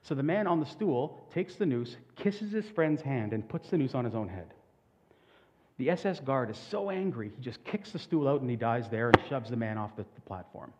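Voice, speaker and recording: A man preaching a sermon as pastor, talking earnestly and building to loud, emphatic peaks. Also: mid-range voice, lively intonation, normal speed, slight background noise. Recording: dull sound with long hall reverb.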